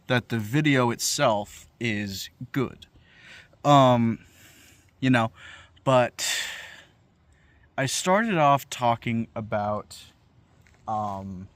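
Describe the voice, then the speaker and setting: A man's voice: medium pitch, fairly bright tone, no echo. A young man talking to camera in a profane, incredulous comedic rant, swearing freely as he riffs. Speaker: vlogger.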